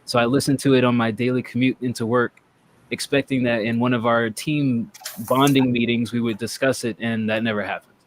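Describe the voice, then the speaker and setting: A man's voice: mid-range voice, steady tone, brisk. A man hosting a casual chat show, rambling and joking as he talks. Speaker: podcast host. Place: North Texas.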